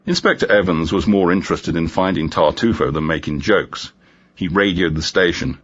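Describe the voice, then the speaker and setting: A man narrating a crime story for an audiobook in a measured, expressive way. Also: sits low, breathy edge, muffled recording.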